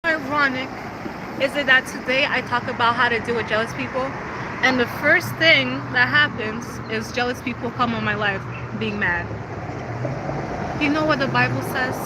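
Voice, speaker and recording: A woman with a high voice chats on a phone livestream, boastful and sassy, with a laugh never far off. She is recorded outdoors near traffic, and the street noise comes through clearly. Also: normal speed. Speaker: livestreaming influencer. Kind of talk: casual livestream chat.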